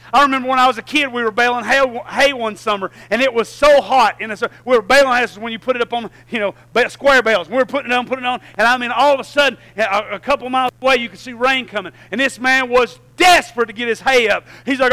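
A middle-aged man, preaching a sermon that swings between low conversational asides and loud, shouted passages. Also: quick pace, rough recording.

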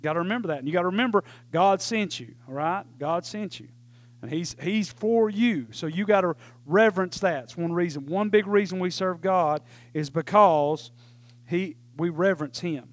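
A man's voice: high-pitched, moderate pace. A man preaching a sermon, telling folksy stories with lots of "right?" asides.

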